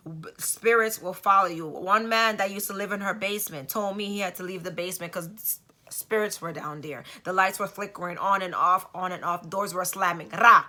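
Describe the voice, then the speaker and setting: A woman telling a personal story in a casual, emphatic way, often pausing for rhetorical asides. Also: fairly low pitch, fairly even intonation, bright, forceful tone. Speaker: vlogger.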